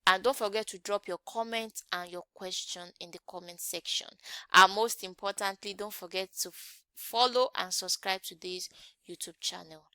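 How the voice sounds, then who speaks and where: Bright, crisp-voiced woman teaching English. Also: medium pitch, steady tone, moderate pace, no room sound. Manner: quizzing with rhetorical questions. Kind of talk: online grammar lesson.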